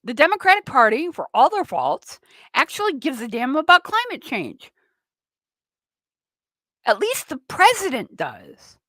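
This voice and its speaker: A woman's voice: sits high, wildly swooping pitch, unhurried, pauses often, fairly bright tone, no echo. A woman hosting a political talk radio show, ranting with sarcastic indignation.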